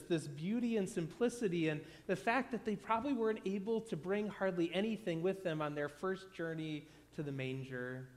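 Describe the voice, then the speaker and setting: A pastor from the United States preaching a sermon in a high voice, telling stories in a loose, conversational way and often restarting his sentences. A long reverb from a big hall trails every phrase. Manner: conversational storytelling with repeated restarts.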